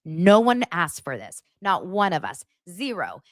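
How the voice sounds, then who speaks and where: A woman's voice: on the low side, very animated, measured pace, dry recording, studio quality. A woman hosting a livestream, chatting casually to her viewers in a gushing way, full of fillers and asides. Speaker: host of a pop-culture livestream show. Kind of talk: casual chat to a live audience.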